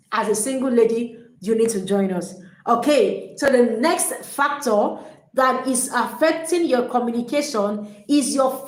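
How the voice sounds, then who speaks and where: A woman life coach gives a live coaching talk to single women, speaking emphatically, repeating key phrases and addressing viewers directly. Her voice is a little high, and the recording has a roomy echo.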